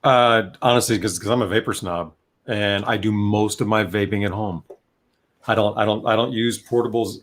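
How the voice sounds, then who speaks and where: A man co-hosting a casual chat, talking in a relaxed, candid way and often asking "you know what I mean". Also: on the low side, normal speed. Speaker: co-host and vape reviewer.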